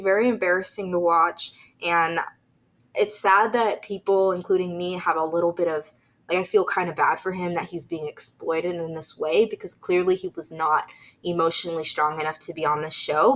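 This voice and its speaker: Chatty young woman with a lowish voice. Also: a bit bright. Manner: chatty, opinionated, lots of "like" and "um". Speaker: reaction video host. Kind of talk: casual commentary.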